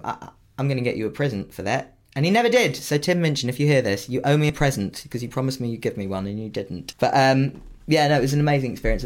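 A young man, a musical theatre performer, chatting casually and telling animated stories. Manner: animated storytelling with big pitch leaps. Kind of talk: casual chat.

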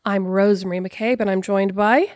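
A woman's voice: medium pitch, fairly even intonation, normal speed, darkish tone, dry recording, studio quality. A woman co-hosting a podcast with her sister, talking in a chatty, teasing way and laughing easily. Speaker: podcast co-host. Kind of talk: casual chat.

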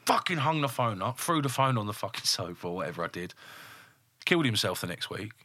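Brief: builder in his thirties, blunt and animated, bright edge, dry close mic. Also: lowish voice, brisk, no echo. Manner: blunt, heavily swearing, animated storyteller. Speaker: guest, builder and business owner. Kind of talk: casual podcast storytelling.

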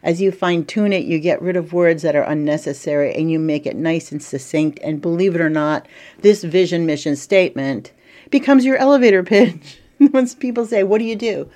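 A middle-aged woman talks through a casual business lesson, chatty and lively. Her voice sits a little low for a woman, and she slips in playful asides as she coaches. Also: normal speed. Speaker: marketing coach and podcast host.

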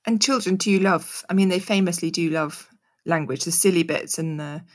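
A woman in her forties hosting an interview, talking in a slow, thoughtful, musing way. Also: lowish voice. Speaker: host. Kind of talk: conversational interview.

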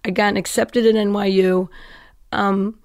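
A middle-aged woman recounts her past as a guest in an interview. Her voice sits at an ordinary pitch and sounds dry and close, with no room around it. She tells the story with energy and slips into the voices of the people she quotes. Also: flat delivery, a little slow, darkish tone, no room sound.

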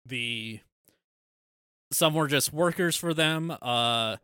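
A man's voice: on the high side, takes it slowly, bright, forceful tone, smooth, no room sound, studio quality. A man co-hosting a podcast, chatting casually and recapping a film plot, often trailing off and restarting. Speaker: podcast co-host. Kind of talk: casual chat.

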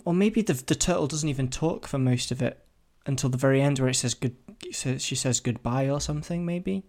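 A man hosting his own podcast talks through ideas off the cuff. He rambles, trips over his words and pokes fun at himself. His voice sits in an ordinary middle pitch. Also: a little fast, darkish tone. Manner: rambling, self-deprecating, thinks aloud with many restarts. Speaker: podcast host. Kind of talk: solo casual podcast brainstorming.

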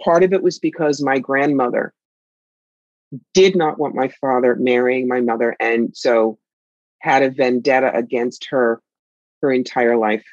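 A woman's voice: extremely low pitch, a little slow, no room sound, muffled recording. A woman guest telling personal family stories candidly and reflectively in conversation. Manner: candid, reflective, with lively emphasis. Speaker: author and guest.

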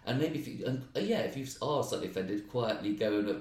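A man with an English accent, a stand-up comedian telling animated, ranting stories in a casual interview chat. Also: mid-range voice, fast talker. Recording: roomy, distant mic.

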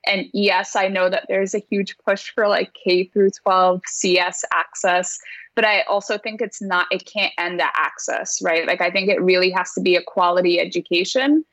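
A woman's voice: lowish voice, steady tone, normal speed, fairly bright tone, no room sound, rough recording. A woman math teacher speaking earnestly in a casual conversation, often laughing as she talks and filling her sentences with "like.". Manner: earnest, laughs while talking, many "like"s.

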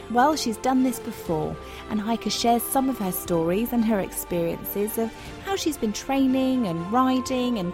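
A woman hosting a podcast interview, chatty and effusive, often restarting her questions. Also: on the high side. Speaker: podcast host. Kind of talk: casual interview chat.

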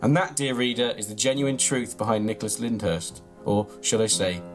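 A man reads out an absurd comic memoir in a deadpan, mock-earnest way. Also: on the low side, normal speed, over loud music. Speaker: comedy podcast host reading his own mock memoir. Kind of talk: deadpan comic reading of a story, then casual chat.

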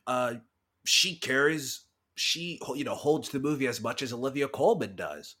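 A man co-hosting a podcast in relaxed chat. His intonation swings widely and lively up and down. He jokes constantly and slips into little bits. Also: mid-range voice. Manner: animated, jokey, quick to slip into bits. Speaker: podcast co-host. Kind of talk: casual chat.

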